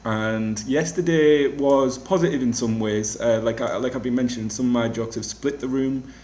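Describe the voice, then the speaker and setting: A young comedian vlogging casually from a flat, rambling and self-deprecating with many restarts. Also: male voice, medium pitch, moderate pace, a little hiss or hum. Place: rented flat. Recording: echoey room.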